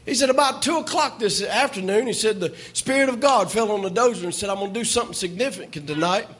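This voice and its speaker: A man preaching a sermon. His voice sits very high and sounds husky and grainy. He tells his story in a folksy, animated way and now and then breaks into shouts. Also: quick pace. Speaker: pastor.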